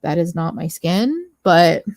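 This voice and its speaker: A woman's voice: lowish voice, sing-song, takes it slowly, a little mellow, no echo. A woman chatting casually on a makeup livestream, rambling and correcting herself as she goes. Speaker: co-host of a beauty livestream. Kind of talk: casual chat about makeup.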